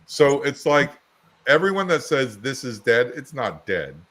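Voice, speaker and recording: A man's voice: medium pitch, very animated, a little slow, fairly bright tone. A man co-hosting a podcast, rambling through casual anecdotes and examples in a chatty conversational way. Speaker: podcast co-host.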